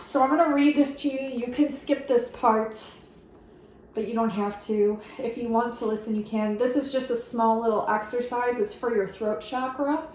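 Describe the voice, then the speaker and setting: A woman giving a channeled spiritual card reading, earnest and gently giggly, reading card messages aloud. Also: fairly high pitch, steady tone, moderate pace. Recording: very echoey room with faint noise.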